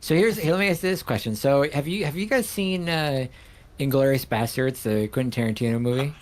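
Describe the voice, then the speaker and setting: A man's voice: mid-range voice, brisk. A man from New York hosting a casual livestream, asking questions in a rambling, enthusiastic way.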